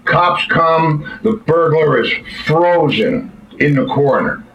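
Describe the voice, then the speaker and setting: A man's voice: fairly high pitch, animated, slow pace, fairly bright tone. A man hosting a casual chat, telling jokes in a folksy, rambling way with restarts. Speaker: podcast host. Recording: slightly dull lo-fi audio with faint noise.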